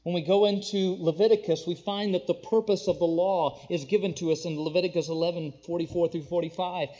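A high-voiced man preaching a sermon, his delivery climbing loud and high on key points, then sinking low and soft. He slows right down to read scripture in old-fashioned wording. The recording is dull and lo-fi. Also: fairly even intonation. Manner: swells loud and high on key phrases, drops low and quiet between. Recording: dull, lo-fi sound.

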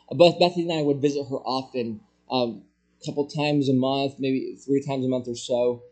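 Male pastor in his sermon, a little high-pitched, emphatic, loud-to-soft swings, rhetorical questions. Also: breathy edge.

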